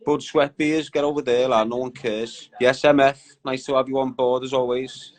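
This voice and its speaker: A man's voice: a little high, steady tone, moderate pace, rough recording. A young man hosting a casual live stream, bantering with viewers in a slangy, chatty way. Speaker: livestream host.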